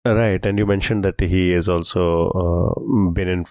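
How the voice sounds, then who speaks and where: A man's voice: sits low, steady tone, a little slow, darkish tone, no room sound. A man co-hosting a quiz podcast, chatting casually and enthusiastically, thinking aloud as he guesses. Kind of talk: casual chat.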